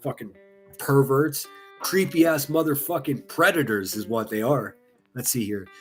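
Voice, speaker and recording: A man's voice: mid-range voice, normal speed, fairly bright tone, soft background music. A man doing casual reaction commentary, reading comments aloud in a sarcastic, mocking and profane way. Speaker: online commentary streamer.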